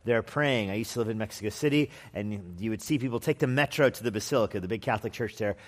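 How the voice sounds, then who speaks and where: A pastor with a fairly low voice preaches an expository sermon at a fast clip, keeping it conversational with wry asides and sometimes acting out quoted voices. A long hall reverb surrounds the recording.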